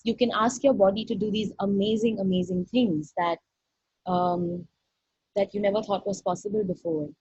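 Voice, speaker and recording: Female facilitator, slightly husky, warmly effusive teacher on a muffled video call. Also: medium pitch, steady tone, moderate pace, no room sound. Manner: effusive, earnest, quotes dialogue animatedly. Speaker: workshop facilitator. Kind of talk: online workshop talk. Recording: dull dry video-call audio.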